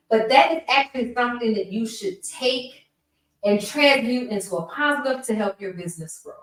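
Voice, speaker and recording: A woman podcast host giving casual business tips, chatty, often checking in with "right?" and restarting her sentences. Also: mid-range voice. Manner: chatty, repeats herself, asks "right?" often. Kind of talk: casual instructional talk. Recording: very echoey room, voice distant from mic.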